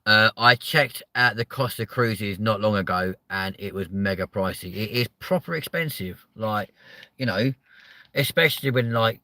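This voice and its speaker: A man's voice: on the low side, moderate pace, no room sound. A man hosting a comedic chat show, ranting and swearing constantly as he reacts to viewer comments. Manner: loud exasperated outbursts. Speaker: host.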